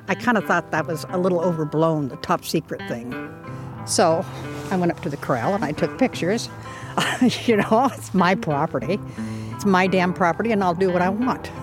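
Brief: feisty older woman, low voice, music bed clearly behind. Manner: feisty, indignant. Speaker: property owner. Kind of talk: storytelling interview.

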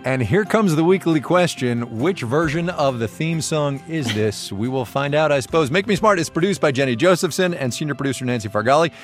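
A man's voice: on the high side, animated, fairly quick, few pauses, soft background music. A man hosting a casual podcast, reading listener mail with a wry, self-deprecating manner. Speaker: podcast host.

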